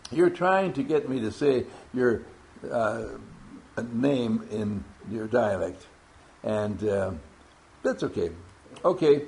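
A workshop leader takes roll call in a classroom-style talk, calling out names and playfully teasing his group. His mid-range voice is animated and darkish, and he speaks slowly.

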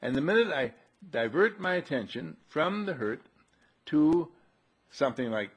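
A man's voice: mid-range voice, very animated, normal speed, breathy edge. A man giving a conversational spiritual talk, repeating himself and asking rhetorical questions. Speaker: spiritual speaker.

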